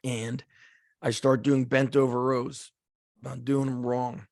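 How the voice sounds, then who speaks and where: A man spins a casual podcast story, animated and chatty, leaning on "like" as he acts out the shouting in it. His voice has a gravelly fry. The sound is dry and close, with no room around it. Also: medium pitch, slow, no room sound. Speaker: podcast host.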